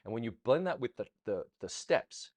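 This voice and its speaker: A man teaching ballroom dance in a rambling, chatty Q&A style, often counting beats out loud. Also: medium pitch, sing-song, moderate pace, no echo. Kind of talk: casual teaching Q&A.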